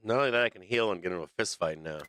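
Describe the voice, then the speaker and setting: A man hosting a livestream, talking unscripted with heavy swearing and halting fillers. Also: on the low side, a bit bright, smooth, no echo. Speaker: livestream show host.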